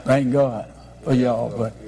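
A man's voice: mid-range voice, steady tone, slow, creaky, crowd noise. A man, a pastor preaching a sermon with emphatic, repetitive declarations.

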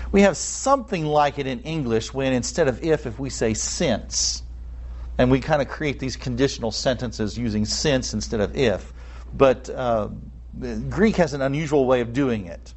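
Lively, expressive male preacher. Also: mid-range voice. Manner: expressive preaching, acts out quoted speakers; explanatory, with asides and fillers. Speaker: pastor. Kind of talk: sermon.

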